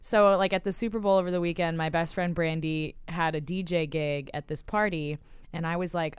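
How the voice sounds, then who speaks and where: A woman's voice: low-pitched, steady tone, fairly quick, clean tone, dry recording. A woman hosting a casual podcast chat, chatty and enthusiastic, often laughing as she talks. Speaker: podcast host.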